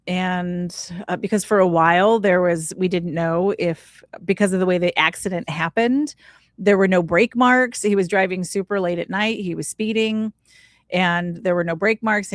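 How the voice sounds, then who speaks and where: A woman's voice: lowish voice, no echo, clean studio sound. A woman as a podcast guest, telling a heartfelt personal story in a casual, earnest, reflective way, often saying "like". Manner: casual, earnest, leans on "like" while recounting; spiritual, reflective tone.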